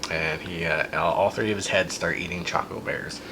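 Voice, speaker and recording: A man's voice: low voice, steady tone, normal speed, noisy background. A man hosting a podcast, casually and animatedly retelling a child's silly story, with plenty of fillers and restarts. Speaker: podcast host.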